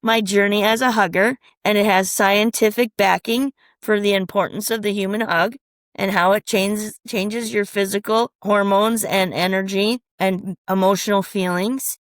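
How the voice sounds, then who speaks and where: A woman from Minnesota, a transformation coach, telling lively stories in an interview and acting out what people said. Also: medium pitch, moderate pace, no room sound, studio quality. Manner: animated storyteller acting out quoted voices. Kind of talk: storytelling interview answers.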